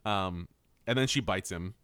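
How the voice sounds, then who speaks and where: A young podcast co-host animatedly retells a cartoon episode in casual chat, laughing often and throwing in mock quotes. His deep voice is clear and resonant at a measured pace, in a dry recording.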